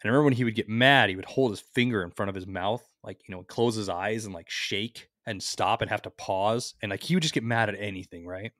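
Low-voiced man telling rambling stories. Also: fast, few pauses, dry recording, studio quality. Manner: rambling, animated anecdotes with acted-out quotes. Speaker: podcast co-host. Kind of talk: casual storytelling chat.

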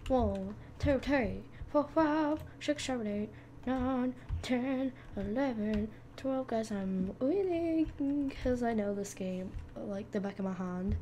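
A woman's voice: fairly high pitch, slow pace, mellow, slight background noise. A young woman hosting a gaming channel, chatting playfully to viewers as she plays. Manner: chatty, playful, talks to viewers while clicking. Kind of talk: casual gameplay commentary.

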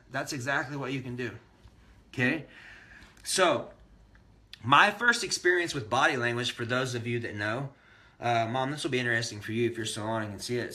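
A man giving an energetic, motivational self-help training on a live stream, speaking directly to viewers. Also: mid-range voice.

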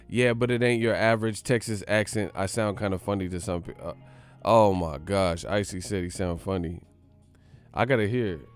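A man's voice: fairly low pitch, darkish tone, no room sound. A man hosting a live stream, chatting casually with his viewers, loose and profane, joking as he reads out their comments.

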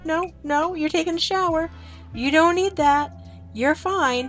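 Woman streamer, chatty gameplay commentary, higher voice, slow easy delivery. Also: animated, soft background music. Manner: chatty, talks to game characters and chat.

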